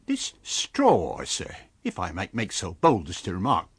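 A man's voice: sits low, wildly swooping pitch, measured pace, slightly rough, no echo, studio quality, pitched below the performer's own voice, full character voice. A man voicing a resolute, middle-aged village innkeeper woman who speaks with prim, deferential politeness.

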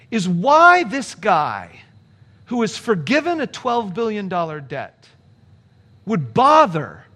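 A man preaching a sermon as pastor, conversational and animated, asking the congregation rhetorical questions. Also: high voice.

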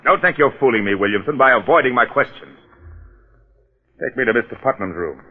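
A man's voice: mid-range voice, expressive, breathy edge. An actor playing a shrewd male police detective in a 1940s radio drama, polite but probing. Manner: measured, probing questions. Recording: tinny old radio broadcast.

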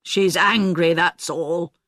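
A woman's voice: fairly low pitch, fairly even intonation, slow pace, fairly bright tone, dry recording, clean studio sound. Casting: matter-of-fact, dismissive man, woman reader. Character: man, dismissive family relative.

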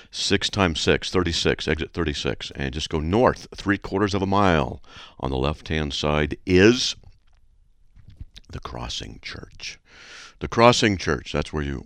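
A middle-aged man with a very low voice hosting talk radio. His delivery swings widely in pitch, chatty and playful, and the sound is close and dry. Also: no echo. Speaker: radio show host.

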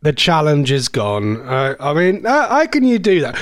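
Flustered Norfolk radio host, lively pitch. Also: male voice, dry recording, studio quality. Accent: Norfolk English. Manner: flustered, self-mocking, stumbling attempts at fast auctioneer chant. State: coming down with a cold. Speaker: radio presenter. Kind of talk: casual live radio chat.

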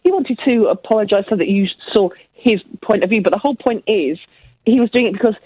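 A woman's voice: mid-range voice, brisk, breathy edge, no room sound. A woman speaking casually on a radio show in a thoughtful way, laying out her point of view. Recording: tinny phone-like sound.

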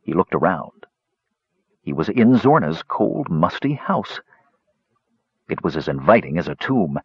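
Expressive husky male storyteller. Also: deep voice, unhurried, no echo, highs cut off. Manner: expressive, dramatic reading. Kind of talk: scripted story narration.

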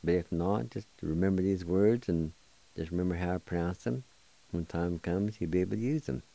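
A man's voice: low voice, fairly quick, vocal fry, dark tone. A man hosting a radio language lesson, patiently spelling and sounding out words one syllable at a time. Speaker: radio host teaching a language.

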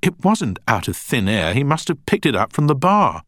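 A man voicing a defiant, emotional young woman witness in court, raising his voice high to protest and insist. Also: sing-song, moderate pace, a bit bright, no room sound, clean studio sound. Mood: insistent. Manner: raised falsetto, insistent protests. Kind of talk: audiobook character voice.

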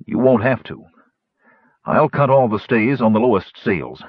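A man's voice: mid-range voice, sing-song, unhurried, breathy edge, dry recording, highs cut off. A man reading an earnest young knight, Sturm.

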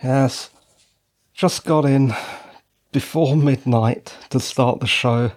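Speaking at a slow pace with fairly even intonation, this middle-aged man has a medium-pitched, darkish voice. He hosts his own podcast, tired and out of breath, rambling through casual solo chat with self-mocking asides into a handheld dynamic mic.

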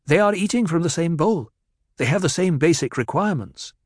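A man's voice: on the high side, lively intonation, a little fast, dry recording, clean studio sound, pitched above the performer's own voice. A man voicing a composed teenage nobleman who speaks in a brittle, pointed way in a storybook reading. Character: sharp, poised teenage nobleman.

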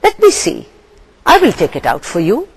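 A woman voicing a sly, scheming male raven in a higher, mock-innocent voice. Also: huge pitch swings, moderate pace, husky, full character voice. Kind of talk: storybook read-aloud.

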